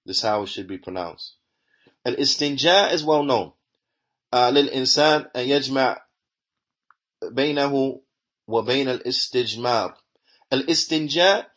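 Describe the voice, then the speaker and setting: Man, religious teacher, quick reading of the text, slow patient explanation, repeats himself. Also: mid-range voice, fairly bright tone. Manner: reads Arabic quickly, then explains slowly and repeats points.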